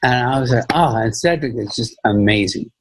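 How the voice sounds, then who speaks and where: A man's voice: on the low side, brisk, slightly rough, no echo, low-quality recording. A man talking as a film director in a casual podcast interview, rambling and repeating phrases with many "you know"s.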